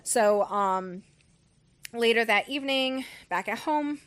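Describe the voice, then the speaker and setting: A woman's voice: on the high side, slow, fairly bright tone. A woman hosting a book club podcast, recapping a story in a rambling casual way, full of ums and likes and the odd casual swear.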